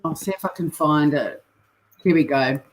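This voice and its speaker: A woman's voice: sits low, normal speed, poor audio. A woman hosting a long livestream on a video call, chatting casually and laughing often. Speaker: livestream host.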